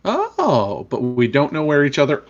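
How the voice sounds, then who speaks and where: A man's voice: fairly high pitch, wildly swooping pitch, a little slow, lo-fi sound. A man playing in a tabletop game, joking and stammering in casual chat. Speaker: player.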